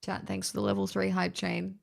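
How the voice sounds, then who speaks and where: Australian woman, livestreamer, creaky and gravelly, loose casual delivery with frequent swearing. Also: mid-range voice, monotone, a little fast. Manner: chatty, rambling, swears freely. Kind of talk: casual streaming chat.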